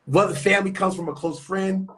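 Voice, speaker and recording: A young New Yorker co-hosts a casual podcast chat, talking in loose, slangy, profane street talk. His high voice stays steady in tone and runs a little fast, with crowd noise behind him.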